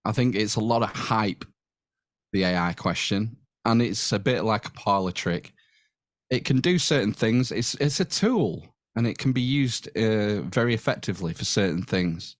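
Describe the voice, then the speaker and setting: Guest: man, lowish pitch, dry mic, thoughtful and wry. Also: animated, moderate pace, no room sound. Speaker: podcast guest. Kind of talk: casual podcast chat.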